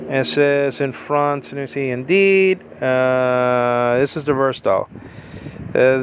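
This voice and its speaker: A man teaching a Bible lesson in a halting, informal way, with many fillers as he sounds out Hebrew and Greek words. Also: medium pitch, steady tone, clear, resonant tone. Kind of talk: informal scripture study.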